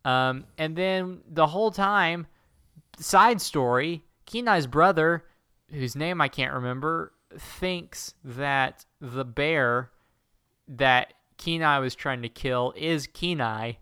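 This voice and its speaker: A man with a bright, clean-toned voice chatting casually as a co-host. He retells a story in a rambling, jokey way and drops into goofy voices for the characters. The sound is dry and close. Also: fairly high pitch, slow pace, clean tone, dry recording. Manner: jokey, rambling plot recap with silly quoted voices. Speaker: podcast co-host. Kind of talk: casual comedic chat.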